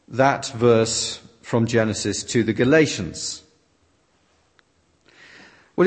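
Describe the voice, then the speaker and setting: Husky male preacher in a reverberant hall. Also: mid-range voice. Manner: expressive, with dramatic readings of quotations. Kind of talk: sermon with interpretation. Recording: long reverb of a large hall.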